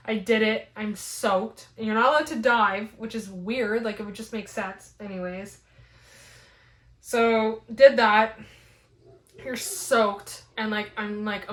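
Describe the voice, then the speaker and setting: A young woman telling a rambling, animated story in a casual vlog, full of "like" fillers. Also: mid-range voice, slow pace. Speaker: fitness vlogger. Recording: roomy echo.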